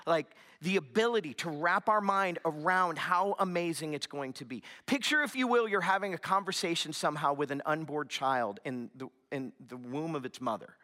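A young adult man preaching a sermon, telling a story with lively animation and dropping to a hushed whisper for emphasis. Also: on the high side, moderate pace. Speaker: pastor.

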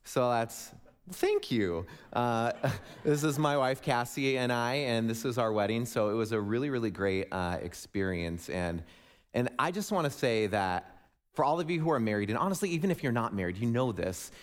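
A man's voice: medium pitch, expressive, normal speed. A young man from Wisconsin giving a humorous storytelling sermon, playful and jokey with asides to the audience. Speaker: speaker addressing a congregation. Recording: long reverb of a large hall.

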